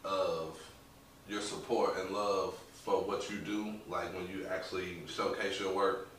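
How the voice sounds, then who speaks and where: A man's voice: low-pitched, steady tone, measured pace, fairly bright tone, far from the mic. A man hosting a podcast, laid-back and slangy, asking long, rambling questions. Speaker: podcast host. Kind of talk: casual interview. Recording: echoey room, voice from off-mic, faint noise.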